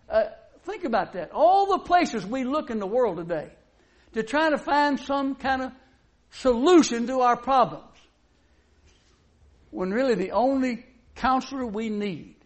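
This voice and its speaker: A man preaching a sermon at a church service, in a folksy, conversational way full of rhetorical questions. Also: very high voice.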